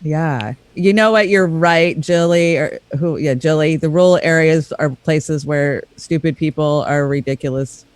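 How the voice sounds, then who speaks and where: A man hosting a casual talk show, enthusiastic and quick to agree. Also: fairly high pitch, clear, resonant tone, no room sound. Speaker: show host. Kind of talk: casual chat.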